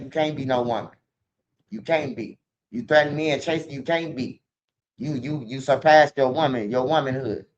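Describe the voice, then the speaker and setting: A man's voice: medium pitch, slight background noise. A man talking casually to the camera in a rambling, profane street manner, recorded with dull lo-fi sound.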